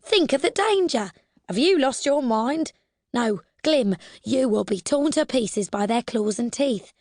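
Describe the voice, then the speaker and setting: A woman voicing a frantic listener who shouts panicked, high-pitched warnings in an audiobook. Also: lively intonation, a little slow, no room sound, studio quality. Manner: shrill, pleading, high-pitched.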